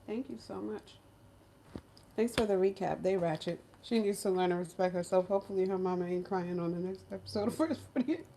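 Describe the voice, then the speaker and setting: A woman's voice: medium pitch, brisk, dark tone, slight background noise. A woman from Brooklyn, chatting casually with viewers on a livestream and answering their comments in a slangy, direct way. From Brooklyn, New York. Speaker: vlogger reading live chat.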